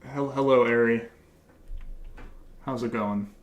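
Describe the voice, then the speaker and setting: A man chatting to his viewers on a livestream, with a voice of ordinary, middle pitch. He talks in a loose, rambling way, full of fillers and false starts, and his tone is dry and sarcastic. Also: steady tone, slow, highs cut off. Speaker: leftist YouTuber streamer. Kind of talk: casual livestream commentary.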